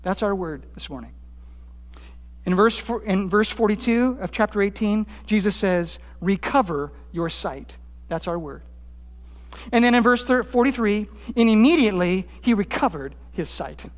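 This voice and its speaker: A pastor preaching a sermon, rising for quoted cries and dropping low on his key points. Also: expressive, moderate pace. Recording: long hall reverb.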